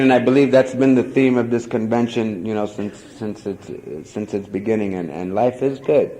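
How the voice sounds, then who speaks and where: A man's voice: mid-range voice, a little mellow, low-quality recording. A man giving a rambling, self-mocking personal testimony at a convention, full of "you know" fillers. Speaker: speaker sharing recovery story at a convention.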